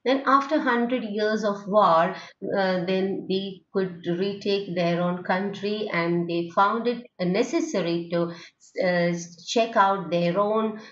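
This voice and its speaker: A woman's voice: medium pitch, fairly even intonation, slow pace. A woman teaching English phonetics in a recorded lecture, talking in a hesitant way with many fillers and restarts and checking in with "okay?". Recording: dull, lo-fi, roomy recording.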